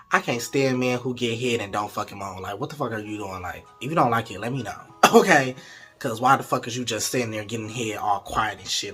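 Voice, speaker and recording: A man's voice: medium pitch, pushed and bright, slightly rough. A young man in casual storytime mode, chatty and candid, talking straight to his viewers. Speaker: vlogger.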